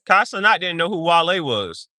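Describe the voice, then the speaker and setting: A podcast host chats casually, playful and laughing often as he jokingly sounds out foreign words. His voice is a little high, bright and forceful, very animated, at a moderate pace. The recording is dry, with clean studio sound.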